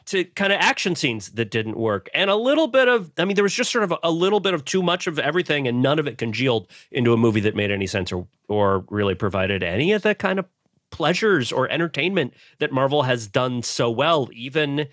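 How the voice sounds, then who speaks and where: A man of middle pitch talks through a film review on a podcast panel. He rambles and circles back, stacking fillers and animated asides. The sound is dry and close, with no room around him. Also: a little fast, dry recording. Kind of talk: casual panel discussion.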